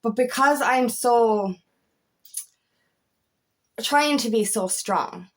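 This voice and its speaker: A woman's voice: fairly high pitch, very slow. A woman coach talking candidly to camera in a rambling personal vlog, swearing freely and restarting her sentences often. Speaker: empowerment coach.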